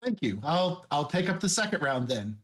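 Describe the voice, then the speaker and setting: A man's voice: fairly high pitch, sing-song, moderate pace, fairly bright tone. A man playing a tabletop game, speaking in character in a cheerful, eager way. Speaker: player. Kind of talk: tabletop play.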